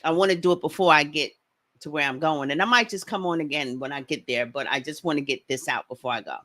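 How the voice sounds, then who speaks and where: A woman hosts a casual livestream, speaking quickly and greeting viewers one by one. Her voice is bright and forward. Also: low-pitched. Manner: fast-talking, greets viewers by name. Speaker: livestream host.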